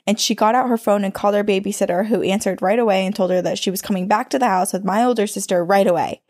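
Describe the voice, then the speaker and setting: A woman's voice: medium pitch, fast, darkish tone, no room sound, studio quality. A woman co-hosting a podcast, reading a listener's ghost story aloud in a conversational way. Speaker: podcast co-host.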